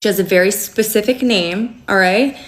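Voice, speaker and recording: A young woman telling a long personal story to camera in a casual, animated storytime vlog, full of fillers and asides. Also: mid-range voice, normal speed, echoey room. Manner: animated, chatty, frequent fillers. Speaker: storyteller recounting a relationship.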